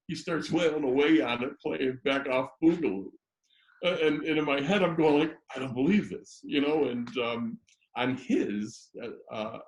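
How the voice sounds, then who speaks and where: Guest, male, gravelly voice, rambling anecdotes full of restarts, echoey room. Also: mid-range voice. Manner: rambling, many restarts and fillers. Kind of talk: casual storytelling chat.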